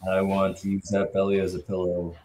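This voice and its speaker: A man makes relaxed, offhand remarks in a casual chat. His voice is low and mellow, with faint noise behind it. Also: brisk. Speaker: co-host.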